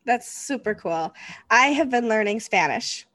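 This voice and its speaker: A woman in her forties hosting a podcast interview, chatty and quick to laugh. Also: on the high side, lively intonation, a bit bright, no echo. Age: 40s. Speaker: podcast host. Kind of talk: casual interview chat.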